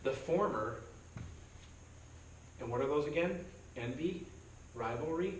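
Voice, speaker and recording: A man's voice: fairly high pitch, lively intonation, a little slow, slight background noise. A man pastor leading a conversational verse-by-verse Bible study, joking and acting out quoted voices. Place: church meeting room. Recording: roomy sound from a distance, faint background.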